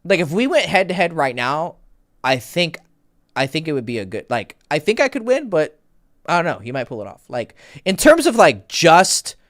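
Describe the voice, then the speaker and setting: A man's voice: fairly high pitch, sing-song, moderate pace, fairly bright tone. A man talking as a dating coach in a casual livestream Q&A, rambling with lots of fillers and swearing freely. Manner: rambling, filler-heavy, profane.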